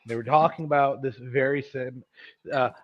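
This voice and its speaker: A man's voice: medium pitch, steady tone, moderate pace. A man chiming into a casual chat with wry stories. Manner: wry storyteller, chiming in dryly. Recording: dull lo-fi audio.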